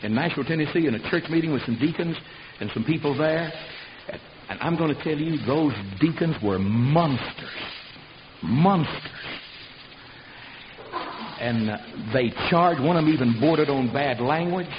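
An older man preaching a folksy, fiery sermon in church, breaking into loud shouts. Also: a little high, expressive, moderate pace. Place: church service. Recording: dull lo-fi recording with hiss.

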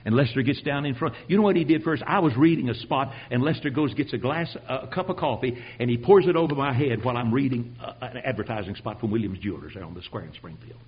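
An older man preaching his own testimony, telling it dramatically and swinging from hushed tones to shouting. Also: mid-range voice, fast talker, hardly any pauses, breathy edge, lo-fi sound. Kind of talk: sermon testimony.

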